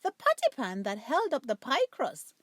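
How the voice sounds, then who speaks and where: A woman's voice: high voice, wildly swooping pitch, normal speed, fairly bright tone, no room sound, studio quality, full character voice. Woman doing Duchess, a prim anxious dog. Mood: fussy. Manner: prim, fussy politeness. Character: polite anxious female dog guest.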